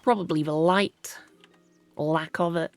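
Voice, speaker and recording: Slow-talking British woman gaming. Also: sits low, steady tone, soft background music. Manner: chatty, self-mocking, talks to the game world. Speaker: gaming channel host. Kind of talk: let's play commentary.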